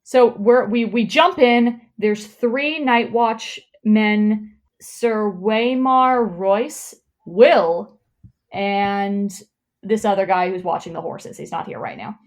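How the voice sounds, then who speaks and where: A woman's voice: medium pitch, takes it slowly. A woman hosting a comedy podcast, chatting loosely with lots of swearing and laughter, then reading a story aloud. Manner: chatty, profane, laughs often, rambling. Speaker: podcast host.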